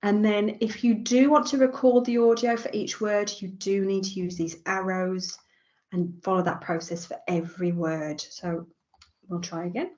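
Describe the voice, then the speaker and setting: A woman with an English accent walking teachers through educational software, chatty and relaxed, with frequent ums. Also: medium pitch, moderate pace, lo-fi sound. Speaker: teacher trainer. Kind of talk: software tutorial walkthrough.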